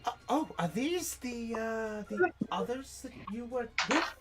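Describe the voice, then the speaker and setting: GM putting on high, quavering young woman NPC, gushy and stammering, lively voice. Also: a little slow, loud music behind the voice, natural voice. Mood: gushing, teary. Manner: effusive, stammering. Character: adult woman with long red hair, gushing and teary.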